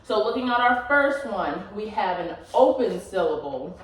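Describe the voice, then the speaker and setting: A woman's voice: medium pitch, sing-song, moderate pace, far from the mic. Woman teaching phonics in an echoey room. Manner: patient, checks in often with okay and all right. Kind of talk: classroom phonics lesson. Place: classroom.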